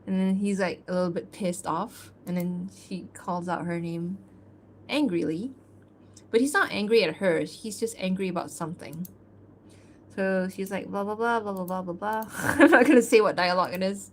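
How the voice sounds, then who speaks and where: A woman's voice: lowish voice, moderate pace, slight background noise. A woman artist chatting casually on a livestream as she works, with a loose, rambling manner and small laughs. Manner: reads fan-fiction narration aloud. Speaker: artist streaming her work.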